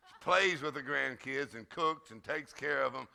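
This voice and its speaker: An older man giving an exuberant sermon as guest preacher, shouting and laughing loudly. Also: mid-range voice, normal speed, creaky. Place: church service.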